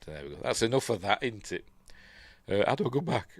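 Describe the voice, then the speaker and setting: A man's voice: on the low side, sing-song, fairly quick, no room sound. An older man with a Yorkshire accent, hosting a casual news live stream, rambling and reading chat comments aloud. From Yorkshire, England.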